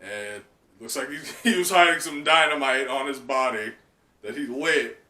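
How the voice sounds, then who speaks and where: A man hosting a casual live reaction, excitable and laughing often, with plenty of fillers and swearing. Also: mid-range voice, moderate pace. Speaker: channel host. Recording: echoey room, mic at a distance.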